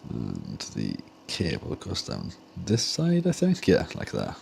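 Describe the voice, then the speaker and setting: A young man from Wales, Welsh accent and bass voice, speaks slowly with a gravelly, darkish tone and a pitch that swoops wildly, over a little hiss or hum. He's repairing game controllers live at the soldering bench in his home workshop, rambling casually as he works.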